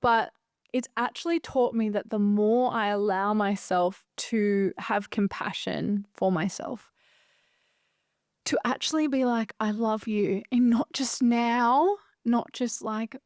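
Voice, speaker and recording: A woman in her thirties talks through her own podcast in a casual, emphatic way, swearing often and checking in with "right?". Her voice sits at a middling pitch, recorded dry and close with no room sound. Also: darkish tone, no room sound. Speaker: podcast host and coach. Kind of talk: casual solo podcast monologue.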